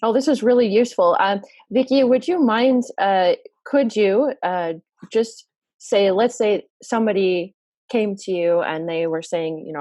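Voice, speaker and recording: A woman's voice: mid-range voice, moderate pace, dark tone. A woman hosts a live online interview, asking questions with friendly appreciation. Her voice sits in a middle range and sounds dry, with no room echo. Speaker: interview host.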